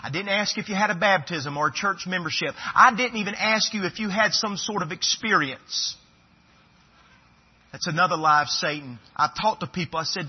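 A man preaching a sermon to a church congregation, swinging between loud pleading and hushed, earnest speech. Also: high voice, brisk, slightly rough. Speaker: pastor. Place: church sanctuary. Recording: echoey church hall, dull lo-fi sound.

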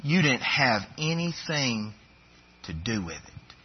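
A man's voice: medium pitch, sing-song, slow pace, muffled recording, slight background noise. A man preaching a sermon as pastor, building to fervent, emphatic repetitions.

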